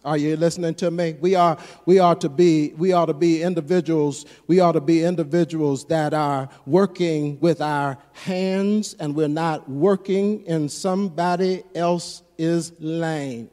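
A man preaching a sermon as pastor, calling out to the congregation and building to loud emphatic peaks. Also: fairly high pitch, big-room sound. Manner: call-and-response preaching, rising to shouts.

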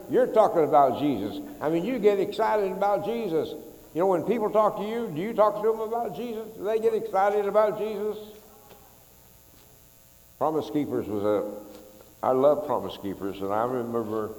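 A middle-aged male pastor preaches in a folksy, talkative way, leading the congregation in call-and-response chants. His middle-pitched voice rings through a large church hall, and a long echo trails after each phrase. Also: a little mellow. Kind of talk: sermon. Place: church sanctuary.

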